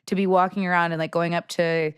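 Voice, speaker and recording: A woman's voice: lowish voice, level tone, fast, smooth, no echo, studio quality. A woman co-hosting a podcast in upbeat casual chat, also working as a golf TV reporter.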